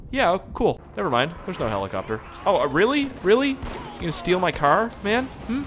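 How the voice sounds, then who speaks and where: A young man casually commenting on his gameplay with excitable, profane wisecracks. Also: high-pitched, brisk, background noise. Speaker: gaming channel host. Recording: loud gunfire and game audio behind. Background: game gunfire and explosions.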